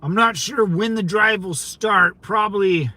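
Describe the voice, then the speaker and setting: A man's voice: high voice, a little slow, sharp tone. A young man hosting a casual livestream, chatting with viewers in a laid-back way, laughing often and repeating his phrases. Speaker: livestream host. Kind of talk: casual livestream chat reading comments.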